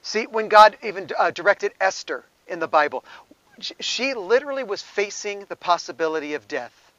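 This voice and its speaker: A man's voice: sits high, lively intonation, normal speed, a bit bright, no room sound, dull audio. A male pastor preaching in a conversational way, with asides and small chuckles. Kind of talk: sermon.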